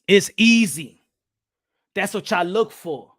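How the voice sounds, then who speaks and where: Man, boxing vlog host, shouting profane rant, dry close mic. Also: extremely high pitch, lively intonation, normal speed, no echo. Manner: loud, shouting, profane, mixes English and Spanish. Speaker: boxing commentary channel host. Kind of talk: ranting video commentary.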